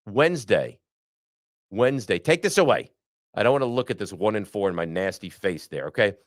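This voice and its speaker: A man's voice: lowish voice, animated, fairly quick, dry recording, clean studio sound. A man hosting a sports podcast, ranting bluntly and with frustration about his team. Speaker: podcast host. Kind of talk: sports talk.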